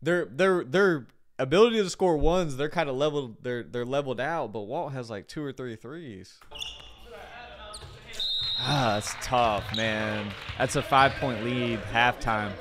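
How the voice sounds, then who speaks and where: A man giving casual, excited play-by-play commentary on a basketball game, full of slang. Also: mid-range voice, unhurried, background noise. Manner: excited, chatty, loose slang.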